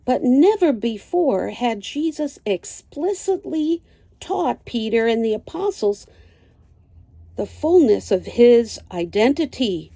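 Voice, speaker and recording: An older woman teaching a Bible lesson, reading slowly and deliberately and citing chapter and verse. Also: on the high side, very animated, vocal fry, mellow, no echo.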